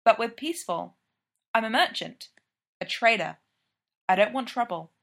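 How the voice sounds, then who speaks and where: A woman voicing a wry, defiant young smuggler captain in her twenties, brisk when giving orders and dry in her sarcasm. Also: a little high, animated, creaky, a bit bright. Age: 20s.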